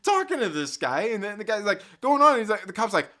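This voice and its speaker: A man's voice: sits high, sing-song, fast talker, bright, forceful tone. A man hosting a casual live stream, rambling and swearing, with many "like" fillers and frequent laughs as he reads chat. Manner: profane, rambling, lots of "like" fillers, laughs often.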